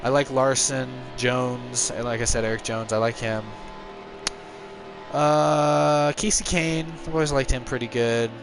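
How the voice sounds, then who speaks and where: A man's voice: medium pitch, measured pace, over music. A tired young man chatting casually with viewers while he streams a racing game on a headset mic. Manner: relaxed, rambling, answers viewer chat. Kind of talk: casual live-stream chat.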